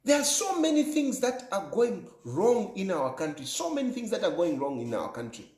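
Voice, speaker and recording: A man's voice: high-pitched, sing-song, normal speed, darkish tone, echoey room. A Zambian man delivering an emphatic political monologue, repeating phrases for effect in an accusing tone. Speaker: political commentator.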